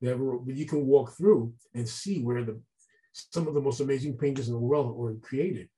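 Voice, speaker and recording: A man telling a long story as an interview guest, animated and acting out the voices of people he quotes. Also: medium pitch, brisk, rough recording. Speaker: guest artist. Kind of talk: casual storytelling.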